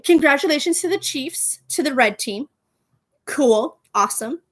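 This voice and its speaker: Woman, thirties, podcast host, casual pop culture chat, animated, slangy, laughs a lot, slightly high voice. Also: a little slow. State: gets out of breath walking, pregnant.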